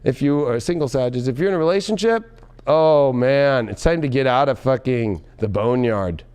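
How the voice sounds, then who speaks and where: A man giving a tarot reading in an excitable, loud and profane way, often breaking into laughter. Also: medium pitch, moderate pace, clear, resonant tone. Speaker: tarot reader.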